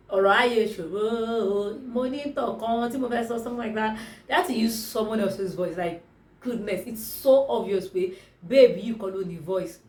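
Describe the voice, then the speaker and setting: A woman with a Nigerian accent reviewing a movie in a casual vlog, talking in an exclamatory, animated way. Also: mid-range voice. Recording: roomy, distant mic.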